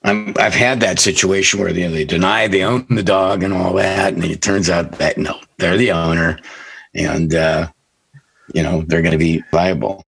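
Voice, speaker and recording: A man's voice: low-pitched, steady tone, moderate pace, vocal fry, a bit bright, husky, faint music behind. A man hosting a radio talk show, reacting briefly and chatting. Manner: short reactive interjections. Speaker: host lawyer.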